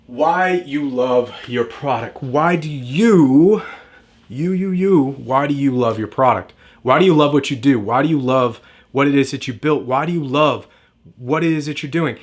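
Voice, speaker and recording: Guy giving a marketing lesson, hammers every point over and over, hyped motivational push. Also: medium pitch. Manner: emphatic, repetitive, motivational. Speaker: marketing coach. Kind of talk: direct-to-camera marketing lesson.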